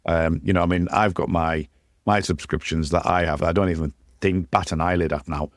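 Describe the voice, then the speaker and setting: A man's voice: low voice, steady tone, brisk, no room sound, clean studio sound. A man hosting a podcast, chatty and easily amused, musing aloud on the topic. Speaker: podcast host. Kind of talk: casual podcast chat.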